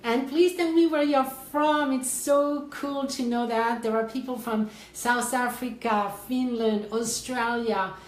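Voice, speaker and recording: A woman's voice: on the high side, steady tone, measured pace, few pauses, roomy sound, rough recording. A woman from France with a French accent, hosting a life coaching livestream in casual chat and greeting viewers by name with effusive enthusiasm. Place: her office.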